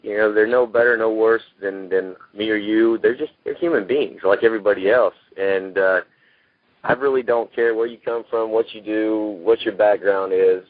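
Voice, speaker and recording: A man's voice: on the low side, steady tone, normal speed, dry recording. A man, talking about his life as an actor guest in a rambling, folksy way, full of "you know". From Texas. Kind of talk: casual interview talk. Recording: tinny phone line.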